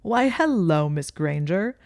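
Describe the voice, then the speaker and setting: A woman voicing a chatty, cheerful ghost of an old gentleman who talks too loudly. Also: fairly low pitch, expressive, drawn-out words, no room sound, studio quality, full character voice. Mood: delighted. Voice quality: loud, hearty.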